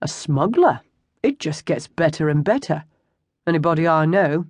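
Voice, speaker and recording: An audiobook narrator voicing a rough older man, a former lawman turned hired thug, wry and sardonic. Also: medium pitch, big pitch swings, moderate pace, dry recording. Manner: sardonic, dry wit.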